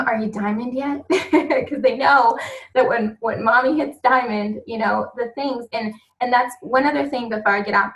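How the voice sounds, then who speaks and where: A woman with a somewhat high voice sharing her reasons on a coaching call. She talks softly and earnestly, in a chatty, heartfelt way. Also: rough recording.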